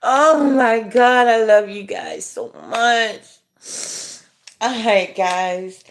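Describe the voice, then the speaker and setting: A middle-aged woman hosting a casual livestream, chatting with viewers in a laid-back, drawn-out way and chuckling as she reads comments. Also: fairly high pitch. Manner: laid-back, drawn-out delivery, chuckling while reading chat. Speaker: livestream host.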